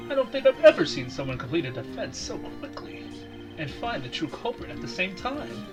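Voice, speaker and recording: Man doing old judge, formal, declaring, lively pitch, game music. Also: fairly quick.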